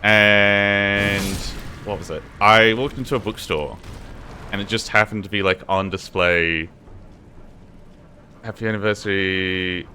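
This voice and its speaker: A man's voice: fairly low pitch, bright, forceful tone, a little hiss or hum. A young man streaming a game, chatting and rambling to his viewers in a casual, swearing way, sounding tired. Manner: rambling, swears a lot, chatty asides to chat. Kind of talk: casual gaming stream chat.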